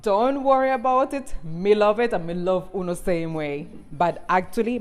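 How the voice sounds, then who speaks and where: Woman, 40s, from Cuba, Jamaican patois accent, rolled R, outspoken, talking to camera, mid-pitched. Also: normal speed, few pauses. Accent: Jamaican patois with a Cuban touch and rolled R. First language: Spanish. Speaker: TikTok creator. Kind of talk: casual talk to camera.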